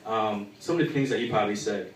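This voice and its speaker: A man's voice: fairly low pitch, fast. Young man, stand-up comedy, crude and rambling, lots of ums, echoing room, distant mic. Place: live comedy show in a bar. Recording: echoey room from far off.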